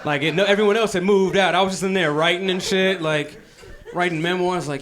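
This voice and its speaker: High-voiced male stand-up comedian. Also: steady tone, fairly quick, a bit bright. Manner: loose, conversational storytelling with repetition.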